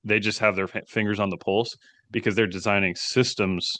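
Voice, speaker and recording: A man co-hosting a podcast, talking in a measured, thoughtful way in casual chat. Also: on the low side, fairly even intonation, a bit bright, no echo. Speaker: podcast co-host.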